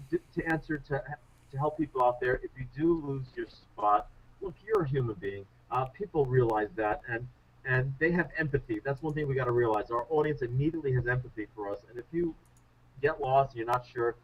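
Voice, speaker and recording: A man speaking as a guest on a radio interview, a public speaking coach telling stories in an animated, self-deprecating way. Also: fairly high pitch. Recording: muffled radio show audio.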